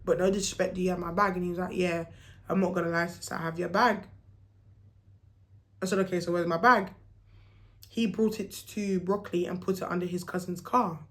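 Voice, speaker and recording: Young woman, casual storytime vlog, animated, slangy, plays out the dialogue. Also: fairly low pitch, fairly quick, long pauses.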